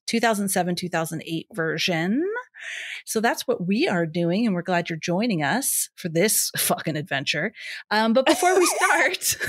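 A young woman co-hosts a podcast in loose, rambling chat. She laughs a lot and pokes fun at herself, her voice sitting at an ordinary middle pitch. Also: fairly bright tone, no room sound, studio quality. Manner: laughing, rambling, self-mocking. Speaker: podcast co-host. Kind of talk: casual chat.

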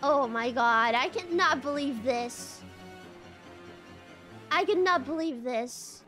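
A woman's voice: sits high, slow, soft background music. A woman streaming a game from home, chatting casually and shrieking whenever she gets startled. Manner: excitable, jumpy, shrieks when startled. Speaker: VTuber streamer. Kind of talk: casual gameplay commentary.

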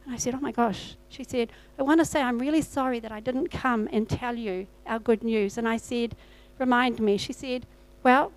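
A woman's voice: on the high side, moderate pace, hardly any pauses, rough recording. A woman pastor, preaching a sermon and telling a personal testimony with acted-out dialogue. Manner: storytelling, acts out her own past dialogue. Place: church.

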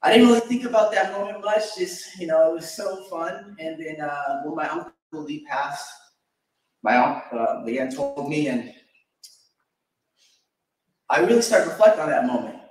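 A man's voice: fairly high pitch, moderate pace. A young man giving a personal memorial tribute, telling stories and chuckling fondly. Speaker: eulogy speaker. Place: church sanctuary. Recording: echoey church from far off.

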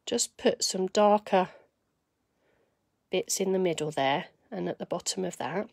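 A woman's voice: mid-range voice, animated, normal speed, a little mellow, no echo, clean studio sound. A woman giving a live craft demonstration, chatting to viewers and thinking aloud as she works.

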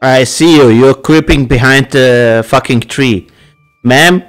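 A man's voice: mid-range voice, takes it slowly, soft background music. A young man hosting a casual let's-play, who laughs often and speaks with non-native phrasing. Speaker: gaming channel host.

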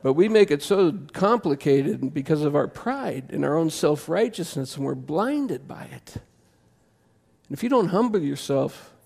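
A pastor preaching a sermon in a church, conversational and impassioned, jumping to loud emphasis. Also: male voice, fairly high pitch, lively intonation, a little slow, vocal fry. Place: church sanctuary.

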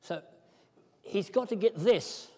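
An older man giving an animated lecture, acting out the story with props as he tells it. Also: high-pitched, slow pace. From Britain. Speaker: speaker at a historical society talk. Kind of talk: lively lecture with demonstrations. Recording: hall reverb.

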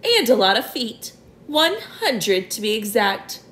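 A woman's voice: a little high, big pitch swings, a little slow, fairly bright tone, slight background noise. A woman voicing a cocky, boastful male centipede in a children's storybook reading. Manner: proud, show-off. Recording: roomy echo.

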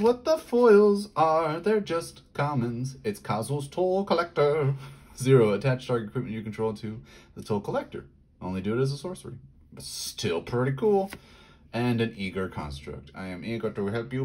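Brief: an excitable man opening packs, husky, with big pitch swings, rattling off card text quickly. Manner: excitable, yelping in high bursts. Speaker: card pack opener. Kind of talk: casual pack-opening commentary.

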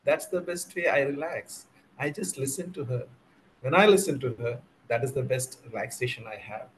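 A man's voice: mid-range voice, animated, normal speed, a little hiss or hum, rough recording. A man giving a jovial impromptu speech over a video call, swinging his voice for emphasis. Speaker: impromptu speaker at a club meeting.

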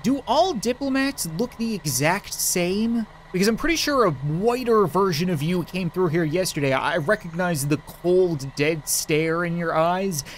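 A man talks through a game in a casual commentary voice, pitched a little above most men. He cracks crude jokes and laughs often at his own remarks. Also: a little hiss or hum. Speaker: gaming video host.

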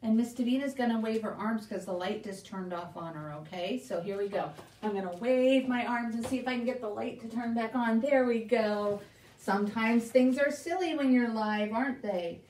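A woman's voice: fairly high pitch, normal speed, slight background noise. A woman librarian reading a picture book aloud at a live children's story time, asking questions, making animal sounds and teaching signs. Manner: animated, questioning, sound effects and sign language for kids. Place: library room. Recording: roomy echo, voice from a distance.

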